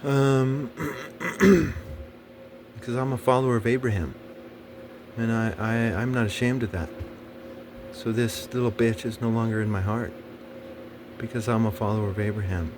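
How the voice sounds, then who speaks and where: Against background noise, a man of medium pitch shares a personal story at normal speed, pausing often. It's a loose, rambling monologue in which he swears frequently and stumbles through fillers and restarts.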